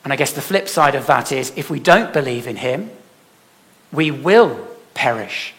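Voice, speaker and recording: A man preaching a sermon emphatically, putting rhetorical questions to his congregation and swinging from loud to soft. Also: medium pitch, lively intonation, measured pace. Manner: emphatic, with dramatic swings in loudness. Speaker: pastor.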